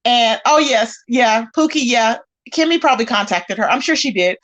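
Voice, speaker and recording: High-voiced woman hosting live commentary. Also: fairly quick, few pauses, muffled recording. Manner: animated, talks straight to chat and calls people out. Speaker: livestream host. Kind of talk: casual commentary chat.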